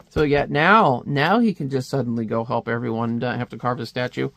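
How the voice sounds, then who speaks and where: A man's voice: mid-range voice, brisk, vocal fry, hardly any pauses, fairly bright tone. A man casually reviewing a comic, chatty and wry, with many fillers.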